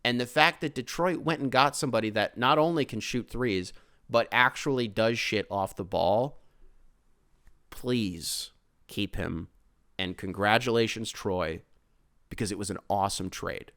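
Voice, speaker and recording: A man's voice: on the low side, a little slow, a bit bright, dry recording, studio quality. A young American man hosting a sports podcast, talking casually in rambling, profane rants full of tangents. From United States. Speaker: podcast host.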